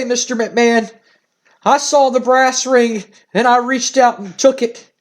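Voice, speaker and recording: A tearful underdog wrestler, put on by a man narrating a let's play, who gushes breathlessly and repeats himself. The voice sits high and climbs even higher than the narrator's usual tone.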